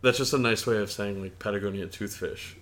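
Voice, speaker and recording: Lowish-voiced guy cracking jokes, swearing, doing little voices in a chat. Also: a little fast, a bit bright. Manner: joking, swears, acts out voices. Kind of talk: casual chat.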